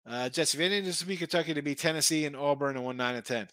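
A man's voice: on the high side, racing, a bit bright, no room sound. A middle-aged man hosting a sports betting show, rambling through picks and opinions with frequent restarts. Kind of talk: casual sports betting talk.

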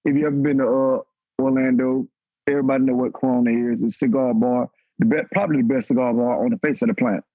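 A man's voice: steady tone, fast, no room sound, lo-fi sound. A man in his thirties, a former football player, telling a raw, emotional story on a podcast panel and swearing freely. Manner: raw, emotional, profane, pitch climbing when stirred.

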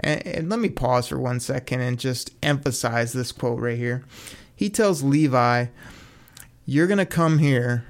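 A man's voice: mid-range voice, unhurried. A man giving an enthusiastic, casual recap of football draft picks, often quoting others and laughing. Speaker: sports commentator.

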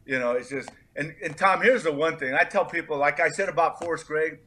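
Bright-voiced man telling stories. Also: on the high side, fairly quick. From California. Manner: animated storyteller, acts out quoted voices. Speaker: interview guest, former football player. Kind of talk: storytelling in a podcast interview.

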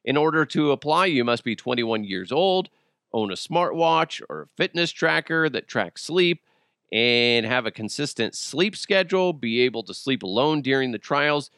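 A man's voice: medium pitch, lively intonation, moderate pace, a bit bright, clear, resonant tone, dry recording, clean studio sound. A man hosting a podcast alone, joking crudely and riffing in a casual comic monologue. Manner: joking, crude, puts on silly voices. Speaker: podcast host.

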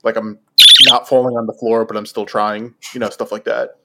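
A man's voice: lowish voice, little pitch movement, moderate pace, creaky, very noisy. Joking, self-mocking podcast host man. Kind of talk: casual podcast chat.

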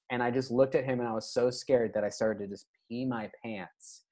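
A man's voice: medium pitch, normal speed. A man telling a funny story in casual podcast chat, acting out the people in it. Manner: animated, acts out quoted voices.

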